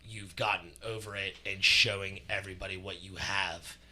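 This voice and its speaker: A man's voice: low-pitched, steady tone, normal speed, very noisy. A man co-hosting a podcast, ranting bluntly and swearing freely in casual chat. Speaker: podcast co-host.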